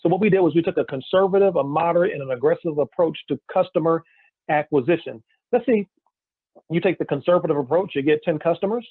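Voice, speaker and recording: A man giving an energetic sales pitch, firing off rhetorical questions to his listeners. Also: quick pace, breathy edge, dry recording. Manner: energetic, rhetorical questions, keeps saying "guys". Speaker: business opportunity presenter. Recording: tinny phone-like dry recording.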